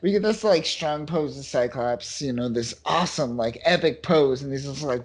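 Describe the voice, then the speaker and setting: A man co-hosting a podcast, chatting casually about comics in a relaxed way, chuckling and slipping into mock voices. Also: mid-range voice, normal speed. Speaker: podcast co-host. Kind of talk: casual comic-book discussion.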